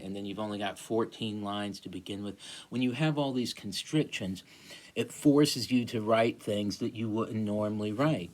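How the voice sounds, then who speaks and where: A man lecturing a class, halting, with many fillers and restarts. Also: on the low side. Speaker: teacher.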